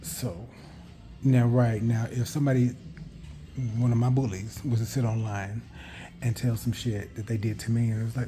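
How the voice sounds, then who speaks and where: A man's voice: lowish voice, flat delivery, brisk. A man vlogging a candid personal story in a rambling, frank way, correcting himself and swearing casually.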